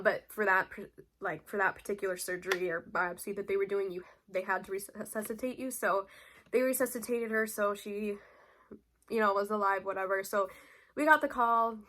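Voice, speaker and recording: A woman's voice: medium pitch, fairly bright tone. Chatty young woman vlogger. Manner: rambling, many fillers and restarts. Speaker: beauty vlogger. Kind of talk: casual chat to camera.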